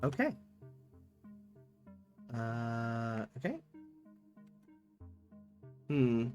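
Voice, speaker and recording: A man streaming a game live, reading text aloud and reacting in excited outbursts. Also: mid-range voice, drawn-out words, faint music behind. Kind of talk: live gameplay commentary.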